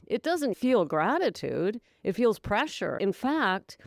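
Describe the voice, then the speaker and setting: A woman's voice: mid-range voice, big pitch swings, measured pace, no room sound, clean studio sound. A woman hosting a solo sobriety podcast, talking in a chatty, encouraging way and laughing often. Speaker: podcast host and sobriety coach. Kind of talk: casual solo podcast talk.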